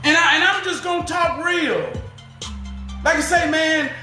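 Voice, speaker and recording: Man, impassioned profane rant, very high voice, echoey room, faint music. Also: measured pace. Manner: fiery, profane, preaching.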